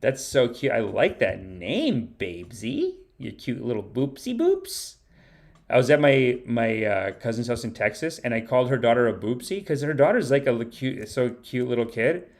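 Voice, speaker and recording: A man's voice: mid-range voice, very animated, moderate pace, few pauses. Playful rambling male podcast host. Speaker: podcast host and stand-up comedian. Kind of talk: casual livestream chat.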